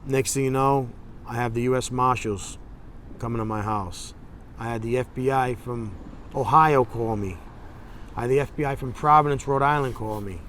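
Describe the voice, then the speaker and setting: A man's voice: medium pitch, moderate pace, a bit bright, a little hiss or hum. A man telling his story in a documentary interview, acting out phone calls with quoted voices. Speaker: documentary interviewee, state representative.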